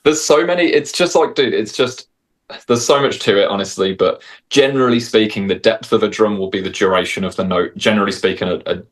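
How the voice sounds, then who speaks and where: Brief: English man, 30, lowish voice, laid-back guest on a video call. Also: fairly quick. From England. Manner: relaxed, says dude a lot. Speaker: guest musician. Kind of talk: casual interview chat.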